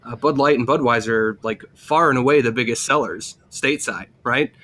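A man's voice: medium pitch, fairly quick, fairly bright tone, slight background noise. A man co-hosting a casual podcast, teasing the others and swearing freely. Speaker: podcast co-host. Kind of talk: casual chat.

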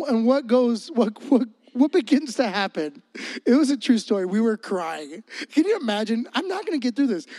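A man preaches a sermon with a very high voice. His delivery is animated and comedic, and he acts out the scenes in his stories. The recording is close and dry, with no room sound. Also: no room sound. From Florida.

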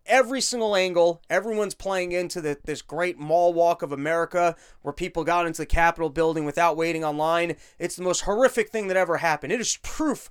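A man's voice: fairly high pitch, clear, resonant tone. A young man hosting his own show, ranting casually with sarcasm and profanity. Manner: profane, sarcastic, fast-talking. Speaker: podcast host. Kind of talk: casual political rant.

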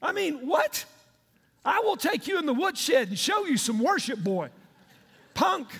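A man's voice: extremely high pitch, very animated, unhurried, fairly bright tone, heavily acted. A preacher voicing a stern father who threatens his boastful son in slangy, mock-menacing words. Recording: long hall reverb.

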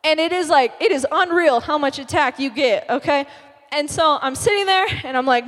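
A young woman giving a sermon as a youth speaker, talking in an animated, chatty, emphatic way. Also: sits high, normal speed. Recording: long reverb of a large hall.

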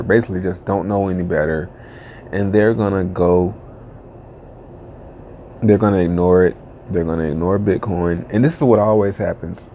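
Man, deep voice, rambling frustrated vlogger, faint background noise. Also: darkish tone. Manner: rambling, frustrated, many restarts. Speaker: crypto video creator. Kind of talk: casual vlog rant.

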